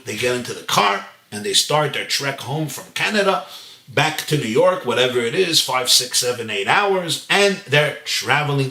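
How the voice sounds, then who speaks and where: A rabbi telling a story in a sermon, acting out the voices of the people in it. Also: male voice, mid-range voice, sharp tone, reverberant. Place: home.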